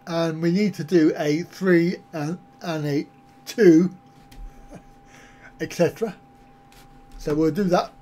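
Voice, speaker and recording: Man, live-stream host, jokey, rambling, slightly high voice, unhurried delivery. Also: mellow. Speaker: travel vlogger hosting a live stream. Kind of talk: casual live-stream chat with viewers.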